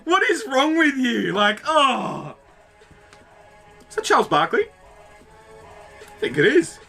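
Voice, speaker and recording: Guy, reaction host: high, sharp, excitable, swears a lot. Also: slow, vocal fry, husky, faint music behind. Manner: excitable, swears freely, talks to the screen. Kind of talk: casual reaction commentary.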